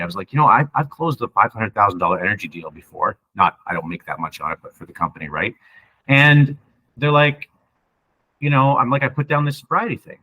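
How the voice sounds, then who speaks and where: A man's voice: deep voice, sharp tone, low-quality recording. A young man from Canada talking casually in an interview, rambling and emphatic, with many "right?" asides. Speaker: podcast guest sharing his sobriety story.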